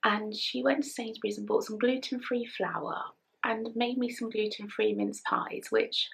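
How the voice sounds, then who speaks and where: A woman's voice: fairly high pitch, expressive, normal speed, gravelly. A middle-aged English woman chatting to camera in a casual knitting vlog, emotional and close to tears, her voice often dropping to a whisper. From England. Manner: chatty, emotional, soft-spoken, drops to whispers. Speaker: knitting vlogger.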